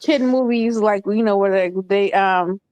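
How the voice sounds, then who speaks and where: A woman's voice: medium pitch, a little slow, a little mellow, clear, resonant tone, dry recording, poor audio. A woman in her thirties chatting casually as a call-in panelist, rambling with lots of fillers. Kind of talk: casual chat.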